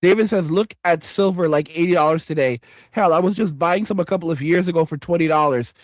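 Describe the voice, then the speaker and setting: New guy streaming, high voice, dry sound, cussing and rambling through chat comments. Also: quick pace, no room sound, highs cut off. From New York. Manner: profane, rambling, emphatic repetition. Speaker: livestream host. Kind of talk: casual livestream chat reading comments.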